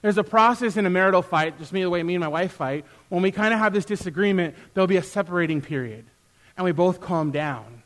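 A man preaching a sermon in church, animated and acting out quoted exchanges as he speaks. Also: high-pitched, fast. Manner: animated, acts out quoted exchanges with rising loudness. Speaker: pastor; youth worker.

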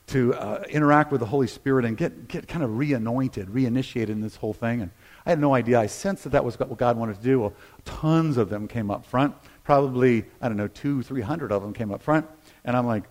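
A middle-aged man preaching a sermon as pastor, telling personal stories in a conversational, self-deprecating way and acting out the voices he quotes. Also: mid-range voice.

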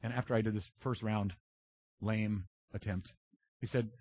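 A man preaching a sermon, animated and self-described loud, swinging from big outbursts to low confiding tones. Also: normal speed, husky, dry recording, lo-fi sound. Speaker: pastor.

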